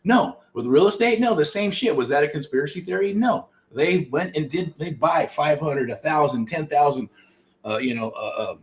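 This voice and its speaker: A man's voice: a little high, animated, moderate pace. Rambling, cursing middle-aged American man. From United States. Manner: rambling, profane, self-interrupting. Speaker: host. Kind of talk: casual promotional talk.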